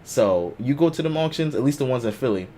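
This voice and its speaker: A man with a medium-pitched voice hosts a casual live chat show at a quick pace, over a little hiss or hum. He's an animated storyteller, joking and spinning tales in a loose, slangy style.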